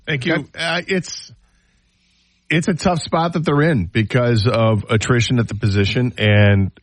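A man co-hosting a sports talk radio show, giving measured and opinionated analysis. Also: mid-range voice, no echo, rough recording.

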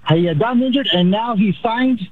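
A chatty male caller from El Paso who rambles as he calls in to a radio show. His voice is high and husky. He is heard over a tinny phone line. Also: a little fast. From El Paso, Texas.

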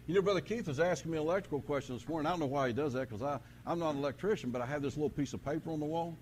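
A man preaching a sermon, telling folksy stories and swinging from quiet asides to loud preaching. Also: fairly high pitch, very fast, few pauses, a little hiss or hum. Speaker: pastor.

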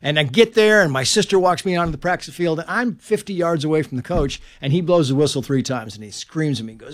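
A man's voice: a little high, quick pace, few pauses. A man, a journalist and author, telling stories in a casual interview and acting out the people in them. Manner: animated storyteller, acts out quoted voices.

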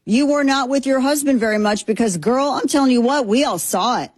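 A woman's voice: high-pitched, fairly quick, dry recording. A woman hosting a political talk show, delivering a sarcastic, indignant monologue. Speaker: political commentary host.

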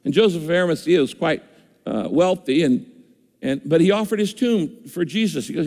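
A man's voice: fairly high pitch, expressive, a little fast, a little mellow. A man preaching a sermon as pastor, earnest, repeating words for emphasis. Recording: echoey hall reverb.

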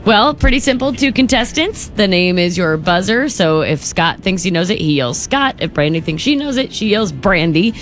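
Female co-host, mid-pitched, animated delivery, clear music bed underneath. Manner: explains rules briskly, laughs easily. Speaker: radio co-host. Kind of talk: morning radio banter. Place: radio studio.

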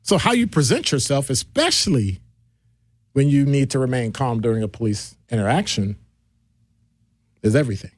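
Animated male radio host with lively pitch. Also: moderate pace, long pauses, no echo, clean studio sound. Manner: animated, digressive, jumps between deep and high voices. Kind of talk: casual call-in radio talk. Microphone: studio microphone.

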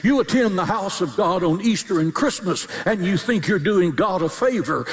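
A man preaching a sermon as a pastor, emphatic, with repeated phrases and sudden high cries. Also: animated, moderate pace, hardly any pauses. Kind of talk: fiery sermon. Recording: long hall reverb.

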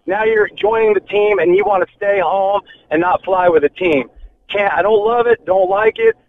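A man's voice: high voice, steady tone, moderate pace, slight background noise. A man calling in to a radio show with a mocking, sarcastic rant. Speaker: caller. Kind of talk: call-in rant. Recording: tinny phone line.

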